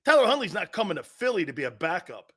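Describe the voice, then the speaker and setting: A man with an East Coast American accent hosting a sports talk show, ranting loudly with profanity and frequent shouting. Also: high-pitched, sing-song, fast, slightly rough. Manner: loud, profane, often shouting.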